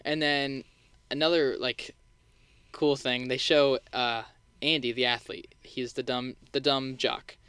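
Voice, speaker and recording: A man's voice: medium pitch, measured pace, clear, resonant tone, no echo. A young man co-hosting a podcast, chatting casually about a film with lots of fillers. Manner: relaxed, chatty, many fillers. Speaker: podcast co-host.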